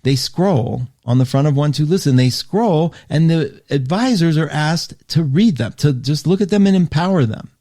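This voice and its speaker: A man hosts a live call-in style astrology hour, talking straight to his listeners. His delivery is chatty and animated, full of restarts and asides. His voice has a mellow, warm tone. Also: fairly high pitch, moderate pace, hardly any pauses. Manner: chatty, animated, self-interrupting; reads listener comments aloud. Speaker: host. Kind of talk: live radio show monologue.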